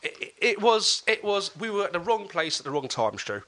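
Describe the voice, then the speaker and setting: A man, a podcast guest telling a story in casual chat, animated and laughing often. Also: high voice, fairly quick. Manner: animated, acts out quoted voices, laughs often.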